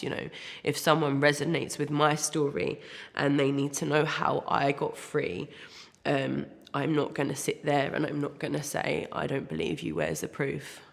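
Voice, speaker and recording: Earnest woman with a gravelly voice. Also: sits low, long reverb tail. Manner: earnest and heartfelt, with frequent hesitant fillers. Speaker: interview guest. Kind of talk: personal testimony in an interview.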